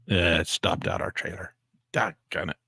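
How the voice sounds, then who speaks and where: Gravelly man calling live trades. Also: sits low, moderate pace, dry recording, studio quality. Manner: excitable, exclaims and talks to himself. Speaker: day trading educator. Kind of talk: live trading commentary.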